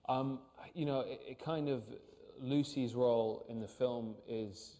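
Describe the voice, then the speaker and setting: A man, an actor, talking earnestly and haltingly in an interview on stage, with many restarts. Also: medium pitch, fairly even intonation, mellow, in a large hall. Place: on a stage before an audience.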